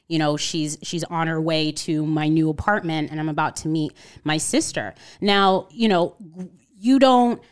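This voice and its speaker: A woman's voice: fairly low pitch, clear, resonant tone. A woman in her thirties from Connecticut, a podcast guest telling her story in a casual interview, acting out what people said and often adding "you know" and "like". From Connecticut, USA. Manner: animated storyteller, acts out quotes, frequent "you know" and "like".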